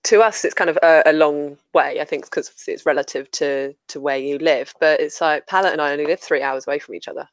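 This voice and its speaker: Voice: medium pitch, fast, hardly any pauses, dry recording, muffled recording. A guest from southern England whose accent has picked up some Scouse, chatting casually and laughing easily between many fillers. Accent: southern English with some Scouse. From England, Buckinghamshire. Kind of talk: casual streamed chat.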